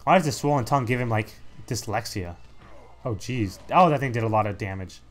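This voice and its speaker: A man's voice: medium pitch, animated, brisk, soft background music. A young man giving casual, sarcastic commentary as he plays a video game. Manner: sarcastic, mocking, reads game text in put-on voices. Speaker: let's play host.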